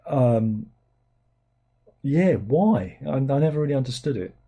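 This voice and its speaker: A man's voice: mid-range voice, lively intonation, measured pace, breathy edge, lo-fi sound. A man hosting a casual film review, reading out viewer comments in a rambling, sardonic way with incredulous outbursts.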